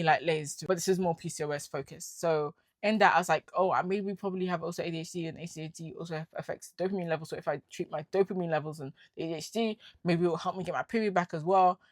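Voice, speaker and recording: A woman's voice: sits low, dry recording. Slangy young British woman venting. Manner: casual, slangy, swings from weary murmurs to loud indignant rants. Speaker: vlogger. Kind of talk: candid personal storytelling to camera.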